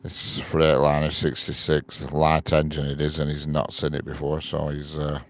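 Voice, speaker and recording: A man's voice: extremely low pitch, monotone, moderate pace. A man chatting casually outdoors on a railway live stream, reading viewers' comments aloud and answering them. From England. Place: outdoors beside a railway line.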